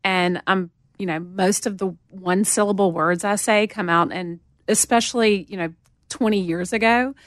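A woman in her forties with a Southern US accent, telling lively stories as an interview guest. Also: normal speed, no room sound, studio quality. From Montgomery, Alabama. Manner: animated storyteller, acts out quotes in a higher voice. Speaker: guest, music promotion veteran. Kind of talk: casual storytelling interview.

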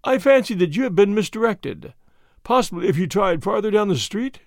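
A man voicing a big, unctuous swindler who talks in a smooth, make-everything-easy way and turns to mocking jeers. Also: sits high, big pitch swings, moderate pace, dry recording, clean studio sound. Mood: oily. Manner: oily, mocking. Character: burly unctuous swindler, smooth then sneering.

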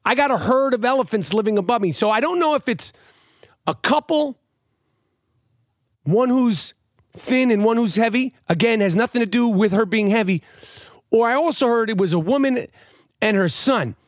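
Loud, animated New man ranting. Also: very high-pitched, moderate pace, long pauses, no echo, clean studio sound. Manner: animated, loud, profane, swings between shouting and muttering. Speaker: comedian ranting to camera. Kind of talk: profane comic rant.

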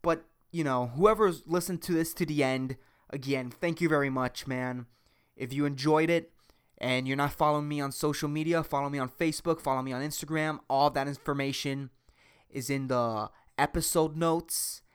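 A man hosting a solo comedy podcast, rambling and self-mocking, crude, with a high squeaky voice. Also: steady tone, moderate pace, clear, resonant tone. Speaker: podcast host.

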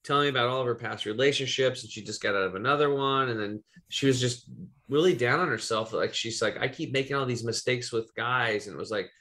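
Talking fast with a pushed, bright quality, a man speaks at medium pitch as he hosts a podcast. He's from Eastern Oregon and loosely rambles through a personal story, swearing a bit.

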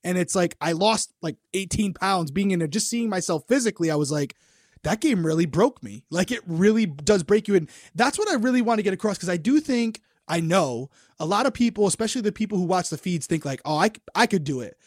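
Give me a male host with a high voice talking in an earnest, reflective way. The recording is dry and close, with no room sound. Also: expressive, a little fast, hardly any pauses, no echo. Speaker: podcast host. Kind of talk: casual chat.

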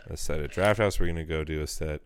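Deep-voiced young man telling casual stories. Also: fast talker, clean tone. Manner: modest, laughing, rambling storytelling. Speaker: guest comedian. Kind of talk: casual podcast chat. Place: apartment living room on a couch.

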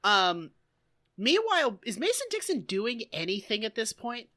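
Lively bright-voiced woman recapping with sarcasm. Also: a little high, normal speed. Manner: sarcastic, profane, animated storytelling. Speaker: podcast co-host. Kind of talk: casual comedic recap chat.

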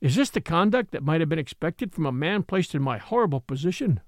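Expressive male audiobook narrator. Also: fairly high pitch, fairly quick, no echo, clean studio sound. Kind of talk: scripted narration.

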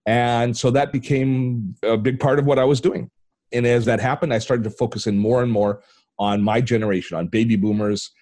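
An older man from Canada, a tech channel host telling a personal story as an interview guest, acting out the voices in his anecdotes. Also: moderate pace. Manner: animated storyteller, acts out quoted dialogue with big pitch jumps.

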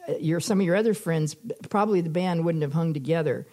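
An older woman, a grandmother, chatting casually with her adult son about his teenage years, rambling with many fillers and soft laughs. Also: low voice, fast. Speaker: interviewee, mother of the host. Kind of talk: casual conversation.

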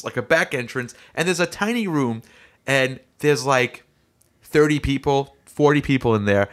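A young man in casual chat, telling a lively story and acting out the voices of people in it. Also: medium pitch, normal speed. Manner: animated, acts out voices in stories.

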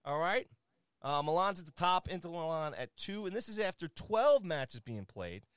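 An energetic man rattles through soccer scores in a casual talk show segment, full of fillers and playful jabs at his co-host. His voice sounds smooth and resonant, recorded close and dry with no room around it. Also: on the high side, normal speed, dry recording.

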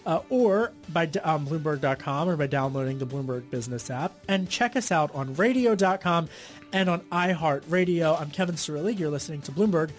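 A man with a Philadelphia accent hosting a political radio talk show, energetic with quick jokey asides. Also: fairly high pitch, faint music behind. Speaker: radio host.

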